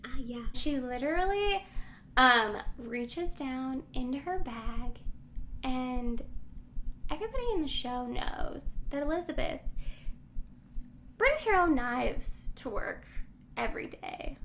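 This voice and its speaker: Bright, high-voiced young woman retelling a story. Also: slow, pauses often, a little hiss or hum, poor audio. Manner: animated storytelling, acts out quotes. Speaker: podcast co-host. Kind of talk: casual book recap chat.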